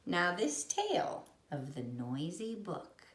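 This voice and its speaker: Slow, sing-song woman reading a children's story. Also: on the low side, big pitch swings. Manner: slow, playful, sing-song read-aloud with sound effects. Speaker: storybook reader and teacher. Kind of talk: storybook read-aloud for children. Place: at home. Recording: echoey room.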